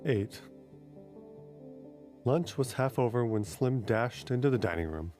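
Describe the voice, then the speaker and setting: A man narrating a short story in a steady, unhurried way. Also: mid-range voice, faint music behind. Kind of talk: scripted audiobook narration.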